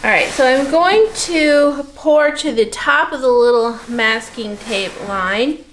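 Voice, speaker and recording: A woman with a slightly high voice talks slowly through a hands-on craft tutorial. She explains each step as she goes, relaxed and unhurried. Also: a little hiss or hum. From Missouri, USA. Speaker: soapmaker demonstrating. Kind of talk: casual tutorial narration.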